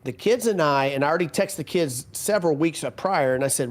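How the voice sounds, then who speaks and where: A man's voice: on the high side, lively intonation, fairly quick. A middle-aged man co-hosting a casual podcast, rambling through stories with self-mocking asides. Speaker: podcast co-host.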